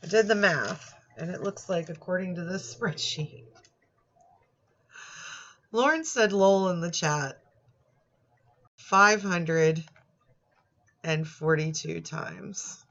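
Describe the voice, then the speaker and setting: A woman gives sardonic, joking commentary on a chat log, breaking into laughing asides. She speaks low and slowly. The recording is dull and lo-fi. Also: fairly bright tone, a little hiss or hum.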